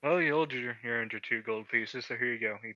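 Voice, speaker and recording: A man's voice: mid-range voice, brisk, bright, forceful tone, dry recording, dull audio. A man playing a tabletop game, bantering brashly and joking in character.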